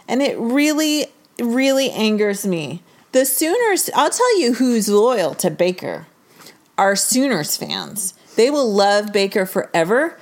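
A woman's voice: a little high, unhurried. Ranting woman sports fan. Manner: animated ranting, exasperated. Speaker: podcast co-host. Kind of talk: casual sports chat.

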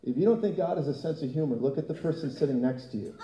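A man preaching a sermon as pastor, telling an animated story and often laughing. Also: on the high side, fast, roomy sound, noisy background.

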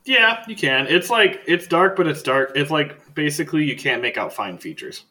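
A man narrating a tabletop role-playing game as game master, casual and halting, with many fillers. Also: fairly high pitch, expressive, sharp tone, rough recording.

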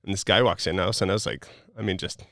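A man telling personal stories in a casual, animated way, acting out dialogue and using lots of fillers. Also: low voice, quick pace, no room sound, studio quality. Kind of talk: casual storytelling.

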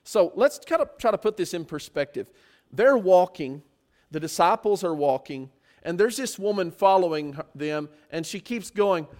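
A man's voice: high-pitched, expressive, normal speed, darkish tone. A man preaching a sermon, often putting rhetorical questions to his listeners.

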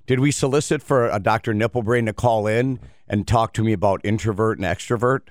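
A man's voice: on the low side, a little fast, no room sound, clean studio sound. A man hosting a talk radio show, rambling and acting out little scenes in casual banter.

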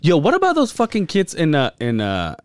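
A man co-hosting a podcast, chatting in crude, animated banter, laughing and acting out the stories he tells. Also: fairly high pitch, a little fast, smooth, dry recording. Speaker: podcast co-host.

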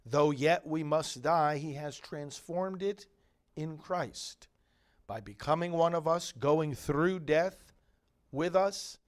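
Slow, solemn male priest. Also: on the high side. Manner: measured, solemn phrasing with long pauses. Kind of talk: liturgical reading and homily.

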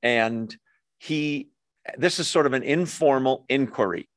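A man's voice: mid-range voice, measured pace, dry recording, clean studio sound. A man leading a Bible study, teaching verse by verse in a conversational way, with frequent asides and self-corrections.

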